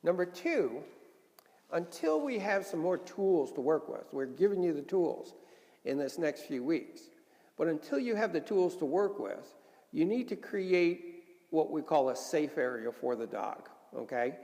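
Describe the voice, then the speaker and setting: A man's voice: on the high side, very animated, a little slow, mellow, long reverb tail. A man teaching a dog obedience class, explaining step by step and often checking in with "okay?". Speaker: dog trainer.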